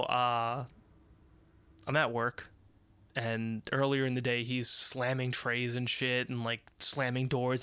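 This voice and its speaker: A man's voice: mid-range voice, bright, forceful tone, clear, resonant tone, no room sound. Profane rambling man telling work stories. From United States. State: sick with covid. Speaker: podcast host. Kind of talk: casual storytelling monologue.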